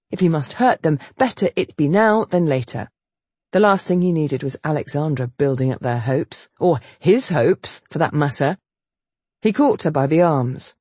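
A woman reads a period romance audiobook with animated, expressive storytelling. Her voice sits low with lively rises and a husky, breathy texture. The recording is close and dry. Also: dry recording. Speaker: audiobook narrator. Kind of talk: scripted narration.

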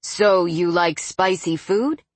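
A woman voicing a cocky, condescending male coworker who teases and smirks, in a storybook read with a husky voice. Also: sits high, takes it slowly, no room sound. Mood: smirking, teasing. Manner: teasing, know-it-all.

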